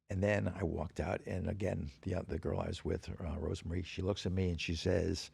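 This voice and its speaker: An older man, a podcast guest, telling stories in casual chat, animated and profane, laughing as he acts out the people he quotes. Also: sits low, moderate pace, vocal fry, breathy edge, no echo. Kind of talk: casual storytelling.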